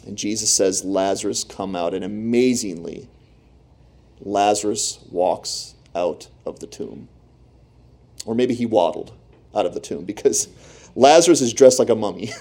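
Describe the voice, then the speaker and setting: Dark-voiced man preaching a sermon. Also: lowish voice, measured pace, pauses often, breathy edge. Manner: animated storytelling, rising and dropping to near whispers; talks to the congregation directly with asides. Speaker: pastor.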